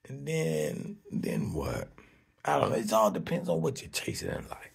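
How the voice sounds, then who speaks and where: A man hosting a livestream, talking off the cuff in a profane, animated monologue that swings between loud outbursts and low mutters. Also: normal speed, vocal fry, breathy edge. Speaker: livestream host.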